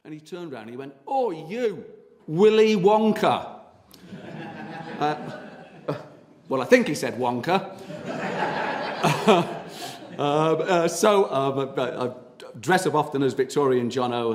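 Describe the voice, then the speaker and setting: A man gives a history talk to an audience, telling anecdotes in a chatty, halting way with plenty of ums and uhs. His voice sits at an ordinary middle pitch. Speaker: tour guide and historian giving a talk.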